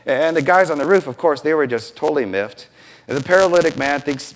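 Male pastor, fairly high voice, very lively intonation, preaching and acting out scenes. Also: brisk, slight background noise. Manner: animated, acts out biblical scenes with quoted voices. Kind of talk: sermon.

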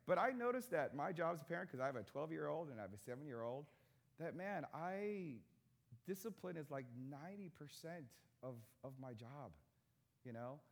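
Male pastor, 30s, lively sermon voice with big pitch swings, chatty and joking with the crowd. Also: moderate pace, gravelly. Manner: conversational, joking with the congregation.

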